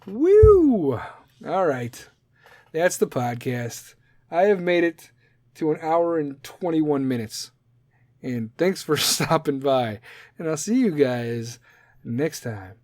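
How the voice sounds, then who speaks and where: A man's voice: a little high, lively intonation, slow, darkish tone, no echo, studio quality. A man hosting his own podcast, talking casually in a brash, profane, joking way. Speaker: podcast host.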